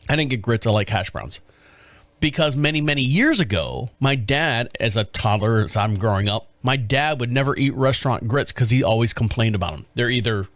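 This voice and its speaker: A man's voice: medium pitch, animated, a little fast, fairly bright tone, dry recording. A middle-aged man hosting a podcast, telling a casual story in a rambling way with restarts and chuckles. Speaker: podcast host.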